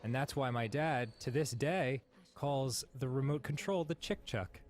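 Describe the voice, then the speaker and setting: A man's voice: medium pitch, a little slow. A man telling stories in casual chat as a co-host, laughing often. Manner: laughing often, animated storytelling.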